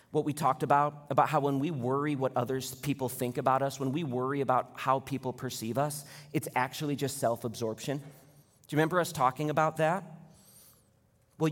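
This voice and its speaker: A man in his thirties preaching a sermon as pastor, direct and conversational, asking the congregation questions. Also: medium pitch. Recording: long hall reverb.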